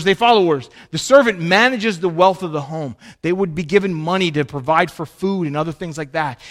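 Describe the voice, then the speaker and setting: A man preaching a sermon to his church, emphatic and animated, swinging between loud and quiet. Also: a little high. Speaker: pastor.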